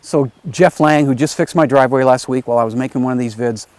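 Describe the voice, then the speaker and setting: Man telling a lively class story. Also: mid-range voice, quick pace, no room sound. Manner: conversational, lively retelling with acted quotes. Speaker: teacher. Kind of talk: storytelling lecture for a video class. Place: his home area in the countryside.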